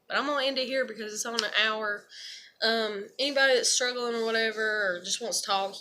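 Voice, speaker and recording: A woman's voice: medium pitch, pushed and bright, slight background noise. A woman talking frankly and casually to her camera in a rambling personal monologue, swearing freely and leaning on "you know" and "I'm like". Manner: frank and profane, rambling with many fillers. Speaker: vlogger.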